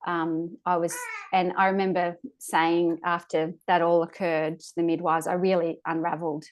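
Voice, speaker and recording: A woman speaks as a podcast guest, telling her own birth story. Her voice sits low and stays fairly flat. She pauses and restarts often as she searches for words, and she sounds emotional, close to tears at times. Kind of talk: recounting a personal birth story.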